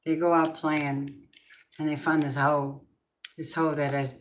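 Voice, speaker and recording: A woman's voice: low-pitched, level tone, measured pace, a little hiss or hum, rough recording. A woman reading tarot cards for her viewers in a casual, emphatic way, talking to them directly and swearing now and then. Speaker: tarot reader.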